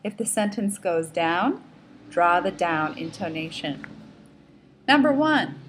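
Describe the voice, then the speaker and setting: A woman's voice: medium pitch, lively intonation, a little slow, slight background noise. A woman teaching a pronunciation lesson, saying each word and sentence twice with careful, exaggerated enunciation. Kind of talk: slow, clearly enunciated lesson.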